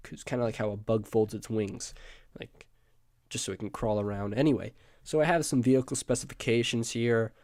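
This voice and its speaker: A man who is sick and hoarse gives a casual presentation on screen. He rambles, adds asides and keeps correcting himself. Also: mid-range voice, steady tone, fairly quick, a little mellow, no room sound, studio quality. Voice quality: croaky. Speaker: student presenter.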